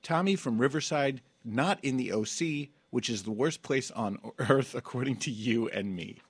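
Campy husky man hosting a podcast. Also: mid-range voice, normal speed, no room sound. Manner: campy, playful, laughs often. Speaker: podcast host. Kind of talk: casual comedic chat. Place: studio.

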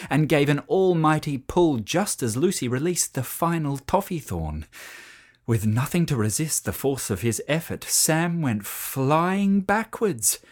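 A storyteller reading a children's story aloud in an expressive, animated way. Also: mid-range voice.

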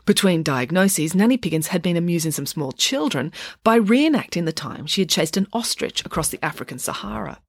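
A woman narrating a children's storybook in a wry, expressive way. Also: fairly low pitch, brisk, no room sound, clean studio sound. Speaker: audiobook narrator.

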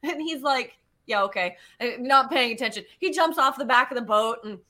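A woman guest telling personal stories in a chatty, animated way, full of fillers and casual swearing. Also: high-pitched, a little fast. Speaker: podcast guest, geologist. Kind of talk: casual storytelling.

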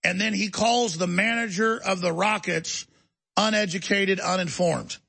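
A man's voice: sits high, fairly even intonation, unhurried, vocal fry, bright, forceful tone, husky, dry recording. A man hosting a talk show, delivering a heated, emphatic ranting monologue.

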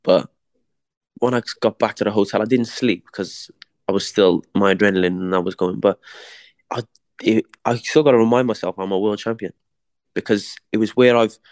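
Low-voiced man telling a story. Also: fairly even intonation, moderate pace, darkish tone, dry recording, studio quality. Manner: chatty storytelling, slangy, repeats words as he restarts. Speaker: boxer, interview guest. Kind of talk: casual interview chat.

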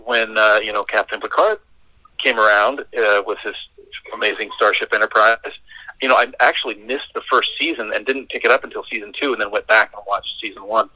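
A middle-aged man joining a podcast as a guest, talking casually in a measured, reminiscing way. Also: on the low side, steady tone, sharp tone, dry recording, low-quality recording. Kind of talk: casual chat.

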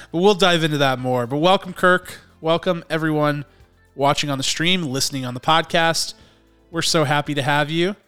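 A male podcast host with a slightly high voice chats casually about movie news. He rambles and breaks off his own sentences. Faint music sits under the talk. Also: moderate pace, a bit bright, clean tone. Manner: chatty and rambling, self-interrupting, laughs easily.

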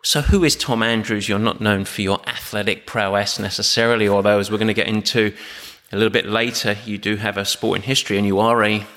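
A man's voice: on the low side, steady tone, a little fast, few pauses, fairly bright tone. A man with an Essex accent hosting a podcast, enthusiastic and prone to rambling introductions. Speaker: podcast host. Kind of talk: casual interview.

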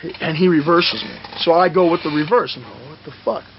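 A man telling stories from his wrestling days in a profane, animated shoot interview, acting out the moves as he talks. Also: a little high, fast, muffled recording, slight background noise. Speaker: retired pro wrestler interviewed.

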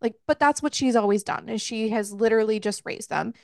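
With a fairly high, gravelly voice and a brisk pace, a woman co-hosting a podcast recaps a book casually, swearing and laughing throughout. There's no room sound, and the quality is studio-grade.

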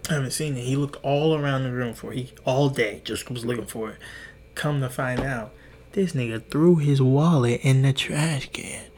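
A man's voice: mid-range voice, moderate pace, a little mellow, slight background noise. A young man in his twenties hosting a podcast, telling rambling, profane stories in casual chat. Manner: rambling, profane, restarts and acts out quotes. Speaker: podcast host. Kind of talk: casual storytelling monologue.

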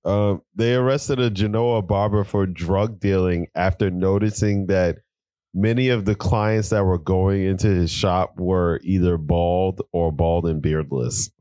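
Deep, slow-talking podcast co-host man. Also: steady tone, dark tone, no echo. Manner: unhurried, laughs a lot. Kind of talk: casual chat, reading out news stories.

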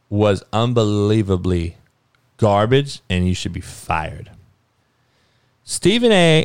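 A podcast host ranting about sports and the news, swearing heavily and swinging from low muttering to loud outbursts. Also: male voice, dry recording, studio quality. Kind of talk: profane sports and news rant.

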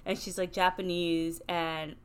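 A woman's voice: fairly low pitch, flat delivery, measured pace, clean tone. A woman co-hosting a podcast, talking in a casual, ranting way with lots of fillers. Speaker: podcast co-host. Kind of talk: casual chat.

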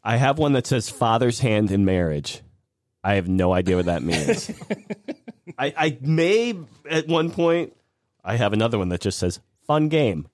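A man's voice: medium pitch, sing-song, normal speed. A man hosting a podcast in casual chat, telling stories and laughing often. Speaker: podcast host.

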